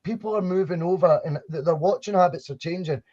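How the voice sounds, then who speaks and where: A man's voice: high-pitched, quick pace, a little mellow. A man co-hosting a live podcast, chatting casually about football kits and restarting his sentences often. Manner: chatty, rambling, frequent restarts. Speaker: podcast co-host. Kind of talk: casual live-stream chat. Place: home studio for a live stream. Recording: dull lo-fi sound.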